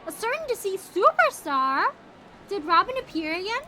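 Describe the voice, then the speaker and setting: A young woman chats excitedly to her stream audience while she plays a game. Her voice sits very high and swings widely in pitch. A hissy layer of noise sits under her home mic. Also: moderate pace. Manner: bubbly, excitable, lots of 'like' and 'bro'. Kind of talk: casual gaming stream chat.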